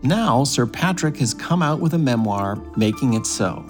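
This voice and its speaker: A man reading a scripted podcast introduction in a clear, even manner. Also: mid-range voice, moderate pace. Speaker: podcast narrator. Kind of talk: scripted narration. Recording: faint music bed underneath.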